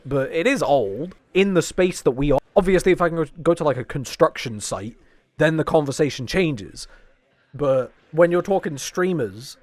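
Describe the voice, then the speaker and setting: A man's voice: a little high, no room sound. A man in his twenties chatting casually on a stream, joking and swearing as he rambles, his voice strained and tired. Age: 20s. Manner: rambling, jokey, swears often. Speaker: fighting game podcast co-host.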